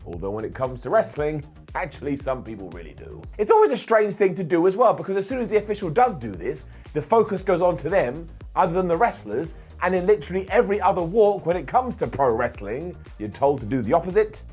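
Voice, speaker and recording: A young man narrating a wrestling countdown list in a wry, jokey way, slipping into quick voices for the people he talks about. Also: a little high, big pitch swings, darkish tone, slightly rough, faint music behind.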